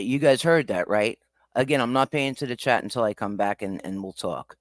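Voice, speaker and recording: A man's voice: mid-range voice, normal speed, no echo, studio quality. A man hosting a reaction livestream, ranting angrily and swearing at the people he is rebutting. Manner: angry, profane ranting. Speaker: livestream host.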